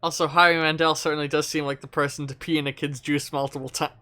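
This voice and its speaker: A man's voice: fairly high pitch, flat delivery, fast, pushed and bright. A man reading a webcomic's chat lines aloud as a nerdy teenage boy, wry and a little snarky.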